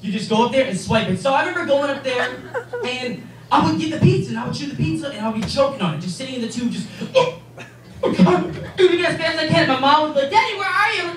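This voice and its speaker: A young man doing a stand-up set on a club stage, rambling and profane with animated asides. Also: very high voice, racing, distant mic, noisy background. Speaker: stand-up comedian. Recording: echoey room from afar, crowd.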